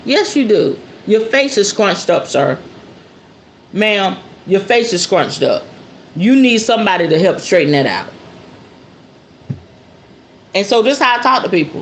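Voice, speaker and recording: A woman's voice: medium pitch, animated, normal speed, roomy sound, a little hiss or hum. A woman hosting a spiritual talk show in a casual monologue, blunt and preachy. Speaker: host.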